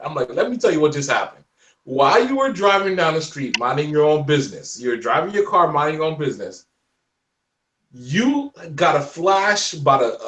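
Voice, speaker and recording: A man in his forties telling stories in a casual interview chat, animated and laughing often. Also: fairly high pitch, echoey room, recorded from a distance. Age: 40s. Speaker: guest.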